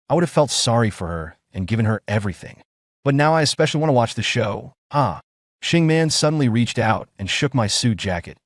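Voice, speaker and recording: A man's voice: mid-range voice, no room sound, clean studio sound. A man narrating a first-person revenge story in a smug, scripted reading.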